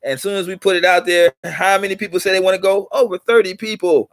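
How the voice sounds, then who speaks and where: A man's voice: high voice, fairly even intonation, fast talker, no room sound. A middle-aged man hosting his own channel, talking to viewers in a rambling, preachy monologue that repeats its points and livens up to drive them home. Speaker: channel host.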